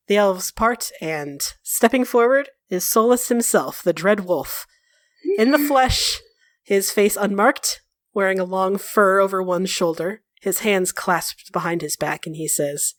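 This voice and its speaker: A woman runs a tabletop game as game master, narrating in a casual way with fillers. Her voice sits at a middle pitch, and the sound is dry and close. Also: measured pace, dry recording.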